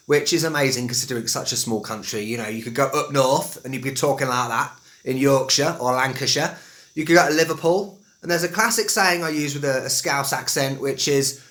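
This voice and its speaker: A man from England with a West London accent, giving a chatty, jokey video lesson on accents. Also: mid-range voice. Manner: chatty and animated, jokey asides. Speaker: English teacher.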